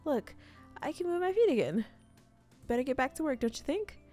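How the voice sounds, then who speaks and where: A woman voicing a brusque young woman painter in a cozy role-playing game, talking loudly and briskly and brushing people off. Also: high-pitched, big pitch swings, faint music behind, pitched above the performer's own voice. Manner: loud, brisk and dismissive.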